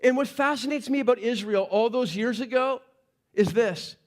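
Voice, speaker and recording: A male pastor preaching a sermon in a conversational storytelling way, often dropping to a quiet, earnest tone for emphasis. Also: extremely high pitch, moderate pace.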